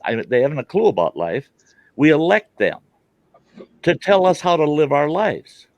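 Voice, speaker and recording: A man's voice: a little high, big pitch swings, moderate pace, a little mellow, dry recording, dull audio. A man ranting bluntly in a casual group chat, acting out dialogue as he goes. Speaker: call participant.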